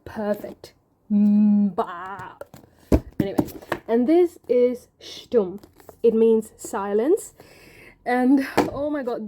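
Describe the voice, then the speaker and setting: A woman from Sri Lanka chatting casually and gushing about her books at home, rambling with frequent ums. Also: warm tone. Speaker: book vlogger. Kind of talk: casual chat. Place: home in Hobart. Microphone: camera mic. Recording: low-quality home video with faint noise.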